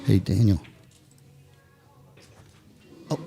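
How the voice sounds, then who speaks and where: Joking New Jersey-accented pool commentator. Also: male voice, fast talker, faint music behind. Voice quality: animated, jokey, chatty. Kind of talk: live sports commentary.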